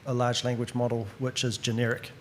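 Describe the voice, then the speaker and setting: Flat-voiced man asking a question. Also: mid-range voice, slight background noise. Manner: halting, thoughtful, restarts. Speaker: audience member.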